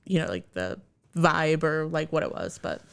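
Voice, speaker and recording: Woman, low voice, vocal fry, casual, hesitant. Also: big pitch swings, normal speed, a bit bright. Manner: hesitant, short agreeing replies. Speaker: podcast co-host. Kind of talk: casual chat.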